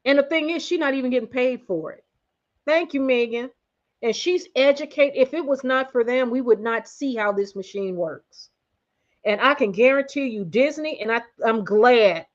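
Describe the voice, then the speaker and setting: A woman hosting a casual commentary livestream, excitable and blunt, talking directly to her viewers. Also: a little high, muffled recording. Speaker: host.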